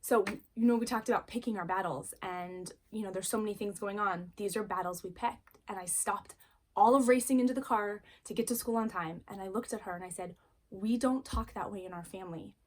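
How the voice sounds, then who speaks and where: A woman's voice: mid-range voice, a little fast, a little mellow. A woman, a mother of young children, giving a casual spoken lesson on parenting in an earnest, encouraging way and repeating key phrases. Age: adult parent. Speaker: parenting course teacher.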